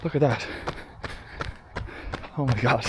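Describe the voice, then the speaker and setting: An excitable Irish running vlogger chats casually to the camera, swearing freely and repeatedly calling his viewers "lads." He speaks slowly in a mid-range voice, first from a car and then while running outdoors in a park. Loud noise from the car and outdoor traffic fills the background.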